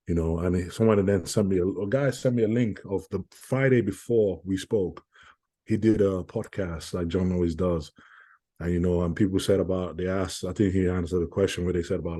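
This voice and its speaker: A man's voice: sits low, steady tone, a little fast, mellow, husky. A young man, a guest in an interview, tells a personal story in an earnest, casual way and repeats phrases as he acts out what others said. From United Kingdom. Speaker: guest, professional bodybuilder.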